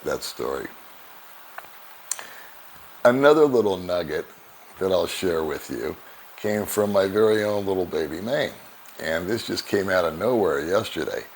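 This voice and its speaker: An older man vlogging, telling relaxed, rambling anecdotes to the camera and chuckling now and then. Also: low voice, a little hiss or hum. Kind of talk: casual storytelling to camera.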